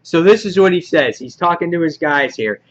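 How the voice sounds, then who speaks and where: A man giving a casual comic book review, rambling with many filler words and getting excited as he goes. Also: a little high, normal speed, highs cut off.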